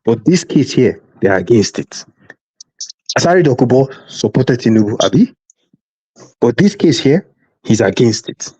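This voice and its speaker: A man's voice: medium pitch, big pitch swings, normal speed, long pauses, dark tone, slightly rough, dry recording, poor audio. A man arguing insistently on a live political panel, talking over others and repeating himself. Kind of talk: heated live panel debate.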